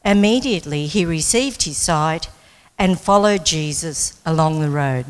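A woman reading scripture aloud in a measured, careful way before a sermon. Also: deep voice, animated, big-room sound, rough recording. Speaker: scripture reader.

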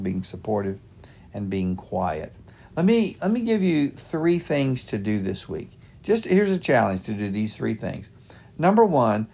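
A man's voice: mid-range voice, creaky, darkish tone. A middle-aged man hosting a devotional podcast, giving earnest, practical advice point by point. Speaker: podcast host and pastor.

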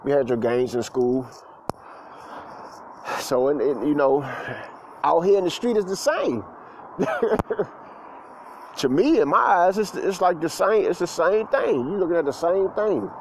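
A man speaks in a casual, rambling monologue, his voice sitting a little high for a man. He leans on slang, fillers and repeated phrases as he reminisces. Faint vehicle noise hums in the background. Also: lively intonation, normal speed, rough recording. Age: adult, past school age. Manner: loose slangy talk with many fillers and repeats.

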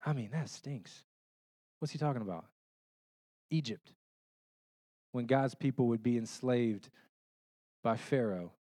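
A man's voice: medium pitch, unhurried, pauses often, dry recording. Conversational man preaching a sermon. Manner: conversational, checks in with listeners through rhetorical questions; animated storytelling with homey illustrations. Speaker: pastor.

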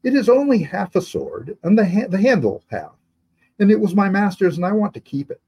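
A man's voice: high voice, wildly swooping pitch, fairly quick, gravelly, dark tone, slightly rough, voice pushed up, heavily acted. A man voicing a frightened young male fool who speaks simply and earnestly, in an audiobook read by its author. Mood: earnest pleading. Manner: simple, pleading speech.

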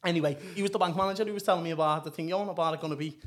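Young guy, high voice, rambling sweary story, keeps going "yeah?". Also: very fast. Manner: animated, swears freely, keeps checking in with "yeah?". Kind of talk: casual storytelling chat.

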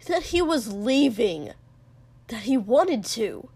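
A woman voicing a surly young man with a low, hoarse, gravelly voice who mutters and swears in a storybook reading. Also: sing-song, slow, full character voice. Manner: muttering, sulky and sharp, swearing. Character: gruff young male warrior, hoarse, surly and crude.

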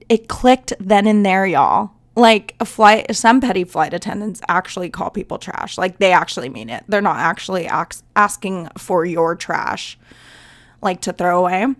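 With a mid-range voice, a young flight attendant hosts her own podcast, chatting casually through stories in a monologue. She laughs as she acts out her passengers.

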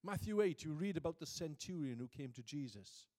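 A man preaching a sermon, moving from quiet reflection to booming emphasis and reading scripture slowly. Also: animated. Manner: reads scripture aloud slowly.

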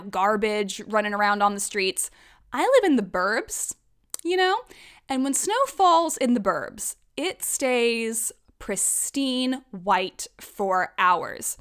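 A young woman hosting an astrology podcast, telling weekend stories in a chatty, animated way with some swearing. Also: fairly high pitch, clear, resonant tone. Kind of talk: casual chat.

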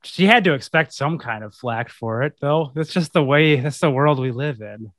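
A man's voice: medium pitch, normal speed, a bit bright, no room sound, studio quality. A man co-hosting a casual chat, joking and wry.

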